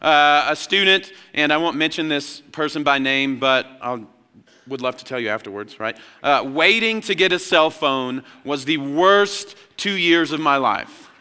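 A young man preaching a sermon as pastor, telling stories with lively energy and acting out childhood voices. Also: on the high side, unhurried, clean tone. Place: large church hall. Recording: long hall reverb.

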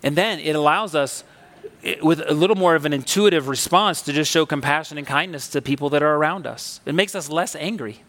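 A man with a high, bright voice delivers a sermon like a personal story, loose and conversational with emphatic swells. The long reverb of a church sanctuary hangs behind every phrase. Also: fairly quick. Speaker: pastor.

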